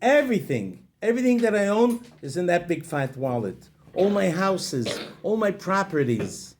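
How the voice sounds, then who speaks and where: A man's voice: a little high, animated, moderate pace, a little hiss or hum, natural voice. A man voicing a distraught man who lost everything. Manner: distraught, pleading. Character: grief-stricken man who lost his fortune.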